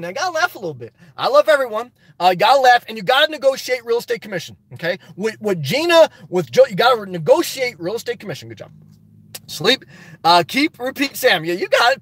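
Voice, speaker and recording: High-voiced man ranting on a livestream. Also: no echo. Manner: rambling, preachy and animated, laughs often. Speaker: livestream host reading viewer chat. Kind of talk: casual live chat.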